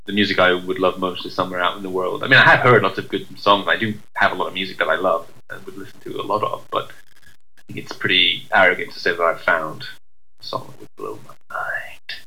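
Guy rambling on a chat show, bright tone, lots of ums and restarts. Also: sits low, fairly even intonation, fast talker, rough recording. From United Kingdom. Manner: rambling, self-deprecating, lots of fillers and restarts. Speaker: podcast co-host. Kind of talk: casual chat.

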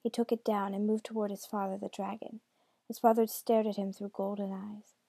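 A woman reading a dark fairy tale aloud in a hushed, intimate way, often dropping close to a whisper. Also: mid-range voice, level tone, brisk, gravelly, dry recording. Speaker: storyteller. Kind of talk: storybook reading.

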